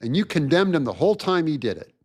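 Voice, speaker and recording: Animated man ranting on politics. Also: a little high, fast. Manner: animated, mocking, emphatic. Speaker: host. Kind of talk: political commentary rant.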